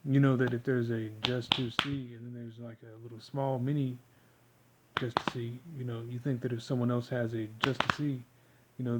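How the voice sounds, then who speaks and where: A man giving a rambling, halting monologue, full of fillers as he explains a technique. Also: medium pitch, heavy background noise. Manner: halting, filler-heavy, meandering.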